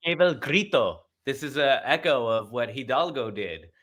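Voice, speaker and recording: A man on a podcast, joining the conversation in a relaxed way with agreeing, reflective comments. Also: mid-range voice, normal speed. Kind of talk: casual conversation.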